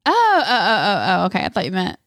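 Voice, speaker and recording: Young woman, podcast co-host, playful, high animated voice, dry close sound. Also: creaky, dry recording. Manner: playful, quick reactions and jokes. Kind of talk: casual chat.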